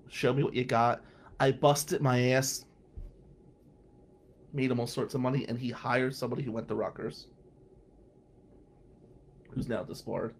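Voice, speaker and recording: A middle-aged man hosting a podcast, telling a story in a casual, animated way, acting out both sides of a conversation and swearing now and then. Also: medium pitch. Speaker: podcast host, defense attorney.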